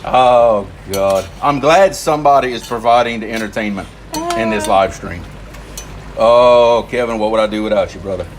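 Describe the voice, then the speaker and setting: A man's voice: fairly low pitch, normal speed, slight background noise. Man, livestream host, home kitchen, easygoing, joking. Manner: joking, easygoing, tells jokes. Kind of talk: casual live stream chat while cooking.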